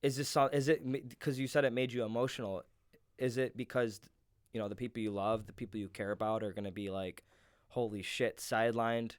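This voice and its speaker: Smooth-voiced man asking probing questions. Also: mid-range voice, steady tone, a little fast, dry recording, studio quality. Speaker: podcast co-host. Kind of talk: casual podcast chat.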